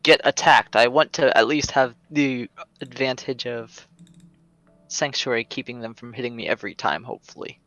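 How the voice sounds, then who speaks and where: A man chatting casually as a player at a tabletop game, upbeat and quick to laugh. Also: medium pitch, fairly bright tone, no room sound. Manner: upbeat, laughs between lines.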